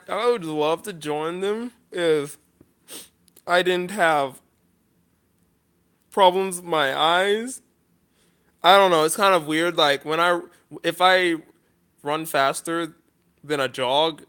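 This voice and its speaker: Guy vlogging off the cuff, kinda high bright voice, keeps pausing n restarting, earnest and sorry-sounding. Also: smooth. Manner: halting, pausing often with restarts; earnest, apologetic. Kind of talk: unscripted list vlog.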